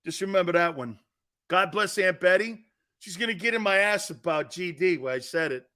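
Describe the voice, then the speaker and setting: Brash, bright-voiced male sports talker. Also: high-pitched, lively intonation, normal speed. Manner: brash, rambling, jumps into loud outbursts; laughs at his own jokes. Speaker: sports talk show host. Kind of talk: sports talk rant with storytelling.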